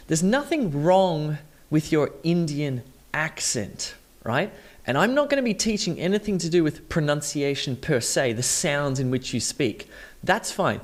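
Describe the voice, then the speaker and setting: In an online lesson, a man with a fairly high voice teaches English pronunciation. He speaks emphatically and enthusiastically, stressing words to demonstrate how they sound.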